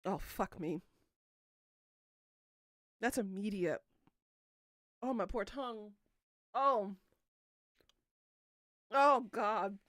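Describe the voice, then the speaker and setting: A woman's voice: mid-range voice, very slow, pauses often, a bit bright, dry recording, studio quality. A woman streaming a spicy food challenge, swearing, groaning and coughing as she talks to her chat. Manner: swears a lot, groans and coughs through the heat. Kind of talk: livestream hot-sauce challenge chat.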